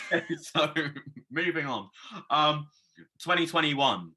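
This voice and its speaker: A man's voice: a little high, lively intonation, slow, sharp tone. A man hosting a podcast interview, friendly and hesitant, often repeating his words. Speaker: podcast host.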